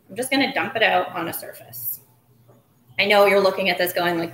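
A woman's voice: mid-range voice, a little fast, noisy background. A woman hosting a live cooking demonstration, chatting with joking asides and muttering to herself as she works in a home kitchen. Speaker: cooking show host. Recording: roomy kitchen sound with clattering dishes.

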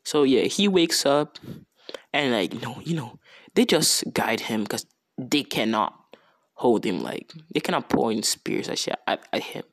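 A man's voice: mid-range voice, animated, measured pace, vocal fry, dry recording. A young man improvising a fan story in a rambling, slangy, casual way with many restarts.

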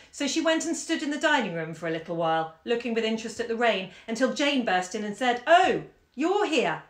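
Woman reading a story, echoey room. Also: mid-range voice. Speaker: bookseller reading aloud. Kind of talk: story read aloud on a live stream. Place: home during lockdown.

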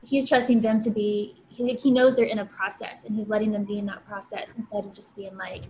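A woman's voice: medium pitch, level tone, brisk, a little mellow, rough recording. Woman, group participant, thoughtful, faint background noise. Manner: thoughtful, uses "like" often. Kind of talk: casual discussion.

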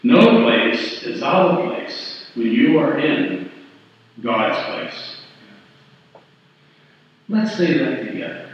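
A man's voice: mid-range voice, big pitch swings, takes it slowly, pauses often, heavy reverb, long reverb tail, recorded from a distance, lo-fi sound. A male pastor preaching a sermon, telling a story and acting out the characters' lines. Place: church sanctuary.

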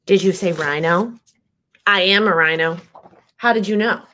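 A woman's voice: lowish voice, normal speed, pitched below the performer's own voice, lightly acted. A woman voicing an earnest, insistent female bulldog who believes she is a rhinoceros, in a picture-book read-aloud. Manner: earnest, insistent, bright storybook voice.

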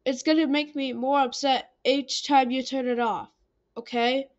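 A woman's voice: high-pitched, steady tone, a little slow, muffled recording. A woman voicing an exasperated computer error character who scolds the listener for turning off the computer. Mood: pleading. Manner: pleading then scolding, rising to shouts.

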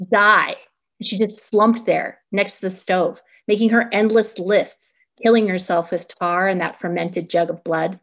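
A woman's voice: on the low side, creaky. A woman in her thirties reading her own prose poetry aloud at a community reading, with an intense, vivid delivery.

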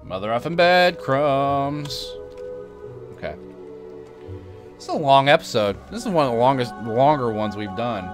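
A man's voice: medium pitch, expressive, measured pace, pauses often, music in the background. Sarcastic, rambling male game streamer. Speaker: gaming channel host. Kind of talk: casual let's-play commentary.

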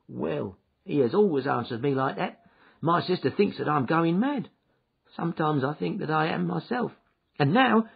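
A man's voice: high voice, gravelly, husky, full character voice. A man voicing a frightened young male thief who pleads and breaks into sobs. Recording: dull lo-fi recording.

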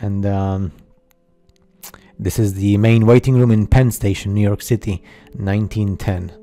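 A man narrating a slideshow in a casual, halting way, full of fillers and skeptical asides. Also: on the low side, steady tone, warm tone, faint music behind. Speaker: video narrator.

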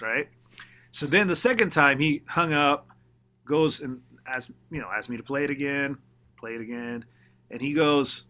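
A man, a mix engineer, telling studio stories in a casual interview, animated and swearing freely as he acts out what others said. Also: mid-range voice, normal speed.

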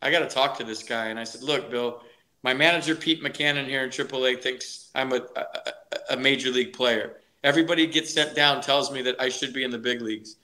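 A middle-aged man, a former ballplayer, telling his career story in an animated, energetic way during a podcast interview, often restarting his sentences. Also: mid-range voice, fairly quick. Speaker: guest, former ballplayer and broadcaster.

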